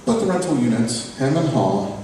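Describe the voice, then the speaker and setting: A man's voice: mid-range voice, sing-song, normal speed, mellow, a little hiss or hum. A man giving a live reading of his own fiction in a sardonic, profane first-person voice, captured at a reading event. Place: reading event venue, hall. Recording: echoey hall from far off, faint ambience.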